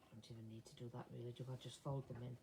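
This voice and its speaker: An older woman chatting casually as she sews, talking to herself and dropping into soft mutters. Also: rumbling low, flat delivery, rapid-fire. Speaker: sewing vlogger. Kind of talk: casual chat while sewing. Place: home sewing room. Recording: clear sewing machine noise behind.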